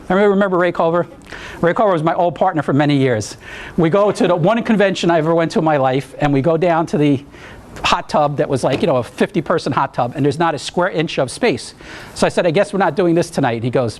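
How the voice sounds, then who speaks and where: A man's voice: a little high, fast, a little hiss or hum. A man from New teaching an EMT class, explaining in a conversational way, telling anecdotes and asking the room questions. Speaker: EMT instructor. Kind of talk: classroom lecture.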